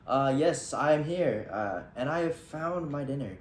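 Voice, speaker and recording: A man's voice: on the high side, expressive, unhurried. A man clowning through a reporter part in a comedic mock newscast, mock-serious. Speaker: field reporter. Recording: echoey room.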